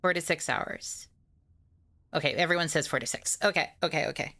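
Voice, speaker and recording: A woman streamer in pain and low on energy, rambling casually with her chat and swearing now and then. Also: fairly quick, a bit bright, no echo.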